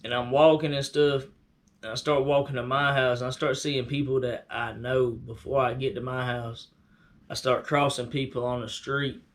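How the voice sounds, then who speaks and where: A man casually recounting a vivid dream in a slangy, animated, conversational way. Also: medium pitch. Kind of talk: casual personal storytelling.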